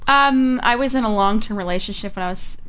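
A woman's voice: medium pitch, a little fast, a bit bright. Chatty, playful woman co-host. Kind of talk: casual chat. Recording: dull lo-fi sound.

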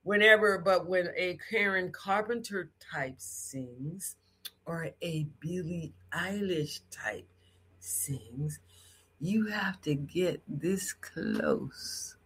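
Slow, bright, frank-toned speaker. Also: mid-range voice, breathy edge. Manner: strong, frank, direct tone; demonstrates sounds with lively put-on voices and bits of song. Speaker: speaker teaching about sound and voice. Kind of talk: unscripted teaching talk.

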